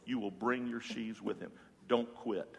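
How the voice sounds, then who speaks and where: A man preaching a sermon as pastor, passionate and swinging from loud to hushed. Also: fairly low pitch, steady tone, a little slow, creaky. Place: church sanctuary. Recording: long hall reverb.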